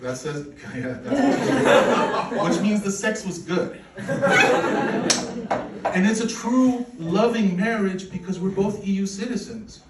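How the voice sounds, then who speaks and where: Man, 40s, from Poland, stand-up comedian, deadpan, self-deprecating, high voice, echoey room. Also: slow pace. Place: comedy club stage with audience laughter. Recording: echoey room recording from a distance, loud noise.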